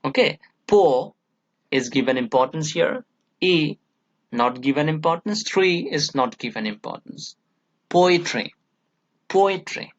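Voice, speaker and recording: A male college English lecturer with an Indian English accent, giving a slow, deliberate classroom lecture full of "uh" and "okay" and repeating example words for stress. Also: a little high, lively intonation. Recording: dull lo-fi recording.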